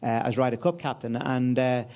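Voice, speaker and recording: Telling a story to a conference-room audience, a guest speaker from Ireland in his fifties talks at a normal pace with a medium pitch and a slightly mellow sound. His chatty anecdote is peppered with fillers and restarts.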